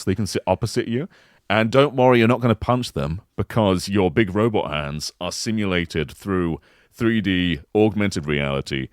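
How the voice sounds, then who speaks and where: A man co-hosting a podcast in casual chat, pitching an imagined game console like an animated storyteller. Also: no echo, studio quality. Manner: animated storyteller who slips into silly voices. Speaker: podcast co-host.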